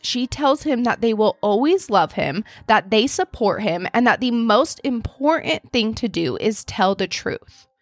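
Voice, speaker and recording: A woman hosting a true crime podcast, telling the case in a steady storytelling way and reading out quotes. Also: medium pitch, no room sound. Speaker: podcast host.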